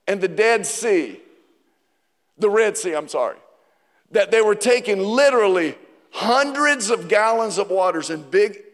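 A man preaches to his congregation, pitched high and growing animated as he asks them questions. His voice carries a long reverb from the church sanctuary around him. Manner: animated preaching, rising to near-shouting on quotes. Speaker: pastor. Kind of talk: sermon. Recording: reverberant hall.

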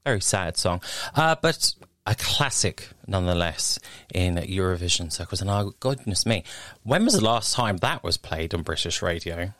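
A man's voice: low-pitched, a bit bright, no echo. A man presenting a radio show from a studio, cheery and upbeat with chatty asides.

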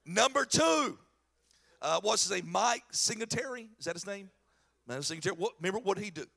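A middle-aged man preaching a sermon in a church, telling stories with animated, shouted emphasis. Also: high-pitched, brisk, vocal fry. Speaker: pastor.

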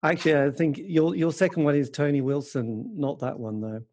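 A man's voice: fairly high pitch, steady tone, a little fast, a little mellow. A man interviewing a musician, chatty and asking leading questions. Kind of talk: casual radio-style interview.

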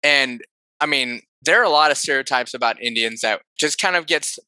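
A man with a very bright, forceful voice speaks thoughtfully in a casual podcast conversation. He gets animated and corrects himself as he goes. The sound is dry and close to the mic. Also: medium pitch, moderate pace, clear, resonant tone, no room sound, low-quality recording.

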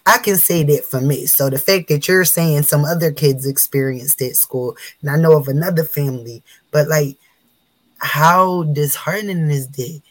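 Low-voiced earnest woman, dry sound. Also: normal speed, dry recording, poor audio. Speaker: panelist. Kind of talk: casual panel chat.

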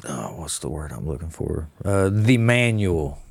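A man's voice: a bass voice, very animated, measured pace, creaky, slightly rough. A man co-hosting a casual podcast, telling playful anecdotes with animation. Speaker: podcast co-host. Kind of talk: casual storytelling chat.

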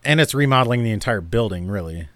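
A man's voice: fairly low pitch, expressive, quick pace, over a noisy crowd. A man from New Mexico co-hosting a casual chat, rambling through stories with lots of fillers. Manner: rambling, filler-heavy storytelling. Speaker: podcast co-host.

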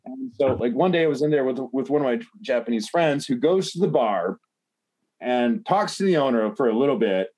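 A man's voice: mid-range voice, expressive, fairly quick, darkish tone. Rambling, foul-mouthed man telling a story. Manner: rambling, heavy swearing, many fillers like "like". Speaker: podcast host telling a story. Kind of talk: casual storytelling chat.

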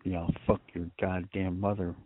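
A man's voice: low voice, little pitch movement, moderate pace, no room sound. A man on a chat line hurling threats and curses in a hostile tone over a tinny phone line.

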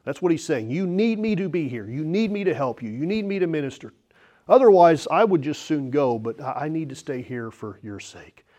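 A man's voice: fairly high pitch, brisk. A man preaching a sermon, reading scripture and slipping into candid, joking asides. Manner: conversational preaching with self-deprecating asides and laughs; reads scripture aloud, rising animated at personal points. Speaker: pastor.

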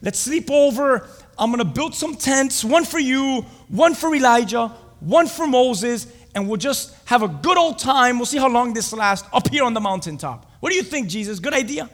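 A man voicing an excitable male apostle who gushes loud, rapid-fire plans and questions, in a reverberant hall. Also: extremely high pitch, pitched above the performer's own voice. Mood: gushing.

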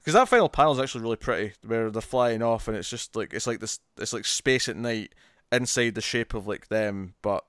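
A man's voice: on the low side, brisk, fairly bright tone, clean tone, no echo, studio quality. A man co-hosting a casual comic book review podcast, talking with enthusiasm and acting out characters' lines as he retells scenes. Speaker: podcast co-host.

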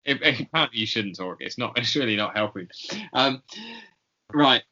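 A man's voice: mid-range voice, animated, moderate pace, sharp tone. A man hosting a podcast, rambling through a casual sign-off with plenty of fillers and self-mocking asides, on a dull lo-fi call line. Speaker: podcast host.

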